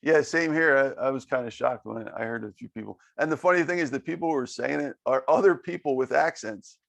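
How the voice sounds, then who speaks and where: A man's voice: mid-range voice, brisk, gravelly, a bit bright, no echo. A man with an accent hosting a podcast interview, friendly and laughing often. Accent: non-native English accent. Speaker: podcast host. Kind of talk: casual interview.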